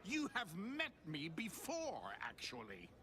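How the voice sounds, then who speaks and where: A hammy cartoon chaos spirit. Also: male voice, high voice, wildly swooping pitch, slow pace, heavily acted. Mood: sly. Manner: dramatic, swooping, hammy delivery. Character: mischievous male chaos spirit, theatrical and needy. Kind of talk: cartoon voice acting. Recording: music behind the voice.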